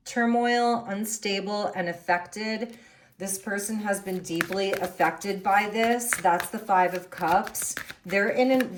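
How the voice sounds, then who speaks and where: A woman's voice: medium pitch, noisy background. A woman doing a tarot reading, musing and thinking aloud as she turns over the cards. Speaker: tarot reader.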